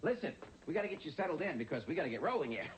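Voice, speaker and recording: A man's voice: on the high side, sing-song, very fast, background noise. An actor playing a flustered middle-aged man who stammers and jokes his way through awkward moments, in a sitcom. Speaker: lead character. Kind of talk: sitcom acting. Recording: sitcom audio with studio audience laughing.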